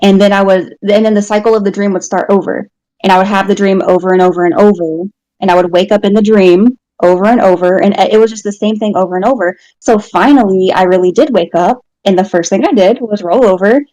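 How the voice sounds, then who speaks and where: A woman sits as a guest and tells a personal story in a frank, casual way, chuckling at herself along the way. Her voice is mellow and warm. The recording is dry, with no room sound. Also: mid-range voice, steady tone, fairly quick, dry recording, rough recording. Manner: candid, storytelling, laughs at herself.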